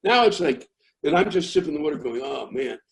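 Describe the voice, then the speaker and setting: An older American man, a comedian, tells a rambling story that keeps restarting and builds into yelling. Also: on the high side, big pitch swings, fast, low-quality recording. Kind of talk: storytelling interview.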